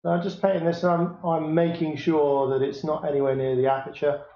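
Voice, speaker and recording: A man talking through a picture framing job step by step in a workshop, unhurried and hesitant, with many fillers. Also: a little high, level tone. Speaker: picture framer demonstrating. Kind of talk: hands-on workshop demonstration. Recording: echoey room, dull lo-fi sound.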